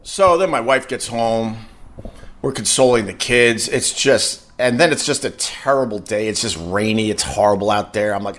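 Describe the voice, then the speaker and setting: A man's voice: on the low side, moderate pace, fairly bright tone. A middle-aged man, a podcast host, telling a long casual story and stumbling over and repeating his words as he goes.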